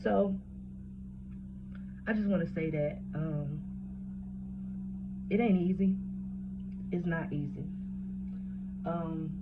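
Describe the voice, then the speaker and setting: A woman's voice: deep voice, slow pace, pauses often, loud music behind the voice. A woman in her late thirties talking candidly and bluntly about trauma, swearing freely and often restarting her phrases. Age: late 30s. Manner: frank, profane, repeats and restarts phrases. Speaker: vlogger. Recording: dull lo-fi audio with steady hum.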